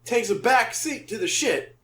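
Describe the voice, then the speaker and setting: A man's voice: extremely high pitch, expressive, a little slow, a bit bright. A man chatting on a podcast, ranting in an exasperated way and swearing freely. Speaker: podcast co-host. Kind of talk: casual podcast chat.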